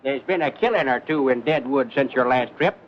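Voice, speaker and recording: An actor playing an excitable, folksy stagecoach driver in 1940s serial style. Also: male voice, mid-range voice, fairly quick, close to an everyday voice. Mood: eager. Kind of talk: 1940s film serial acting. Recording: muffled old film soundtrack with hiss.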